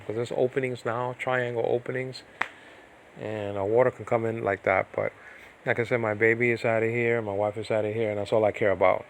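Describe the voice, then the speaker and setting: A lowish, gravelly male voice, carrying a little hiss or hum, leads a chatty livestream lesson on biblical Greek. He broadcasts from his own hand-built cement-block house as a typhoon hits, drifting off topic frequently and padding pauses with ums and restarts.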